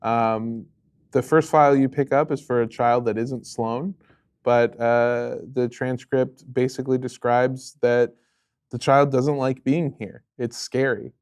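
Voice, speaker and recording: A man running a tabletop role-playing game as game master, describing scenes in an unhurried way with many filler pauses. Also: mid-range voice, little pitch movement, darkish tone, clean tone.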